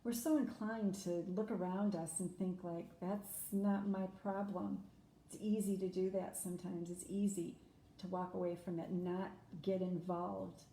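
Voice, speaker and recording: Her voice sits on the low side, dark in tone and flatly delivered at a moderate pace. This German woman vlogs to camera about her life, sincere and heartfelt, dropping plenty of "you know"s along the way, recorded in an echoey room carrying a faint hum of noise.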